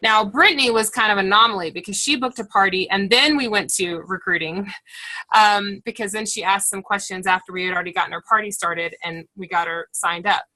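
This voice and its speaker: Woman, sales team leader; bright tone, mid pitch, chatty, encouraging, acts out quotes. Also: a little fast, low-quality recording. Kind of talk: coaching call to a sales team.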